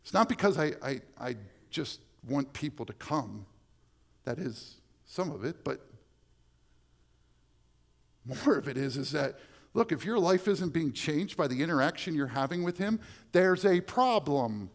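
A man's voice: fairly high pitch, lively intonation, a little slow, long pauses. Emphatic male pastor preaching. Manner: preaching with swings from hushed to loud and emphatic. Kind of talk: sermon.

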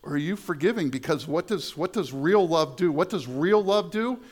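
A man's voice: a little high, lively intonation, normal speed, darkish tone. A middle-aged male pastor preaching a sermon in a conversational way, repeating words and adding asides. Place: church sanctuary.

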